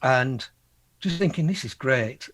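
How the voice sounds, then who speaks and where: A man, a musician guest, telling lively anecdotes, acting out quotes and laughing often. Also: medium pitch, a little slow. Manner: animated storyteller, acts out quotes, laughs often. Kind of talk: anecdotal interview talk.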